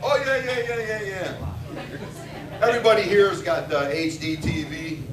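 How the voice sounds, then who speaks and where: A man's voice: sits high, animated, normal speed. A man with a Detroit-area American accent doing a crude, swearing stand-up set in a bar, telling stories and acting out his wife's lines. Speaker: stand-up comedian. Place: bar with a live audience. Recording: echoey bar recording from far off with crowd.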